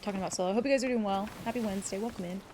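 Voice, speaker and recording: In a casual live stream, a woman chats rapidly with her viewers in a mid-range voice, rambling, swearing freely, greeting chat members by name, and growing teary at times. There is noise in the background.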